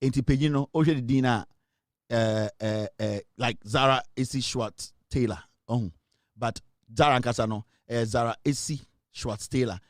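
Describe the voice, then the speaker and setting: A middle-aged Ghanaian man hosting a live online political show, an animated storyteller who switches between Twi and English and laughs often. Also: medium pitch, normal speed, dry recording, clean studio sound. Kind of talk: lively livestream commentary.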